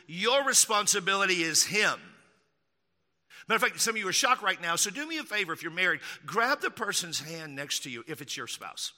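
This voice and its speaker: A man from Texas preaching a sermon as pastor, emphatic, slowing down to repeat key lines and throwing in mocking asides. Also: high-pitched, big pitch swings, sharp tone, long reverb tail.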